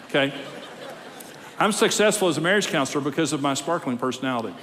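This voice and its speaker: A marriage counselor in a seminar hall, a man whose voice sits a little high. He teaches in an emphatic, wry way and presses his points hard. A long hall reverb trails every line. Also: animated, fast talker, long pauses, noisy background. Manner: emphatic, wry, builds to loud exhortation.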